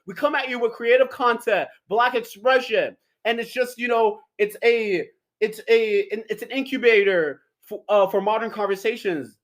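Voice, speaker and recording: A young man co-hosting a casual podcast chat over a video call, loud and excitable, swearing freely. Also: very high-pitched. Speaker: podcast co-host. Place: Denver, Colorado.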